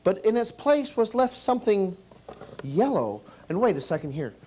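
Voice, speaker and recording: A man's voice: high voice, normal speed, slight background noise. A man performing as a children's entertainer, telling a comic story on stage and firing questions at the kids. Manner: animated, quizzes the kids.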